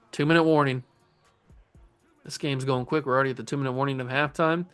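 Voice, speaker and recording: A young man casually commentating his own video game play as a channel host, excitable and jokey, talking to the players on screen. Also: medium pitch, quick pace, soft background music. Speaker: gaming YouTuber host.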